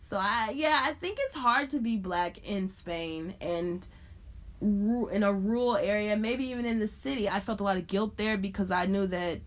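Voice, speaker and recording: A woman from Chicago, in her thirties, talks as a guest on a podcast. She tells her stories with lots of animation, acting out what people said and laughing along the way. Her voice sits at an ordinary middle pitch. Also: normal speed. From Chicago, USA. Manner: animated, expressive storyteller who laughs often and acts out quotes. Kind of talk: casual storytelling interview.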